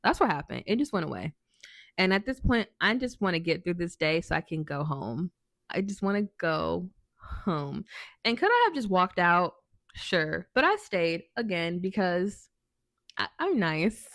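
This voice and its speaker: A woman's voice: fairly low pitch, big pitch swings, measured pace, no echo, clean studio sound. A woman vlogger telling a work story in a chatty, sassy way, with many ums and restarts. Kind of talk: casual storytime.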